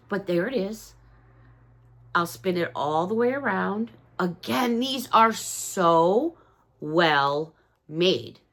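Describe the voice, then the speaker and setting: Woman, excitable haul chatter, high bouncy voice. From Chicago, USA. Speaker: haul vlogger. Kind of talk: casual unboxing chat.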